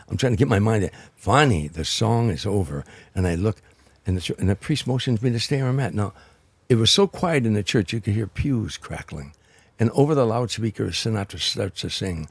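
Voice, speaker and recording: An older man with a low, husky voice tells stories as a guest comedian, building anecdotes with restarts and repeated words. His delivery is that of a seasoned raconteur. The sound is dry and close, with no room around it. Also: animated, a little fast, dry recording. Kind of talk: anecdotal storytelling in an interview.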